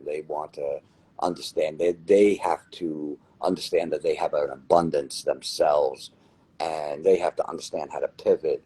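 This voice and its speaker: A man from New Jersey with a New Jersey accent, telling his story as an interview guest in an animated way and repeating phrases for emphasis. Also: low-pitched, slightly rough, no echo, poor audio. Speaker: lottery winner guest.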